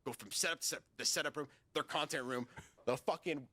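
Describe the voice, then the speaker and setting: A man's voice: on the high side, brisk, no echo. A man telling a story on a casual podcast, swearing freely and acting out what people said. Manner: animated, profane storytelling with acted-out quotes.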